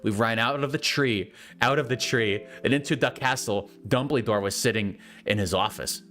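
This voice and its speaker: A man doing a comedic dramatic reading of bad fanfiction, with mocking deadpan asides. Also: normal speed, hardly any pauses, faint music behind. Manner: swears and jumps into shrill high voices for quotes. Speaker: fanfiction reader.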